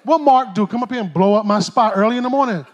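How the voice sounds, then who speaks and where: A middle-aged pastor preaches in a very high voice for a man. His delivery is animated and streetwise, full of jokes and asides. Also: quick pace, dull audio. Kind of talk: sermon. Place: church stage.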